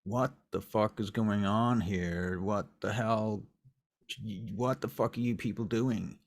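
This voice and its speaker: A man voicing a stoned, rough male tenant who swears and panics, loud and jumpy. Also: fairly low pitch, takes it slowly. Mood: alarmed.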